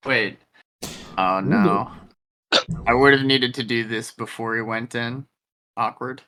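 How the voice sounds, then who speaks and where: A man's voice: medium pitch, steady tone, takes it slowly, long pauses, bright, forceful tone. A man at a tabletop game table, chatting and describing what his character does. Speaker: player.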